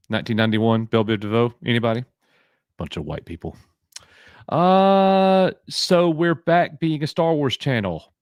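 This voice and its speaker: A man from Alabama with a Southern accent hosts a casual live stream, joking and bantering while reading names from chat. His medium-pitched voice is clear and resonant, with lively intonation at a normal speed, captured as clean studio sound with no room echo.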